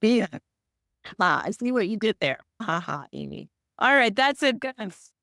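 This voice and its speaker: A woman's voice: medium pitch, sing-song, unhurried, gravelly, pushed and bright, no room sound. A woman co-hosting a podcast, chatting casually in a rambling, teasing way with lots of restarts. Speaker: podcast co-host. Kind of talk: casual chat.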